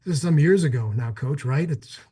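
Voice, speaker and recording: A middle-aged man from Cleveland, a former pro football player, telling an animated story as a guest on a talk show. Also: a little high, a little fast, slightly rough. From Cleveland, Ohio, USA. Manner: energetic, acts out quoted exchanges.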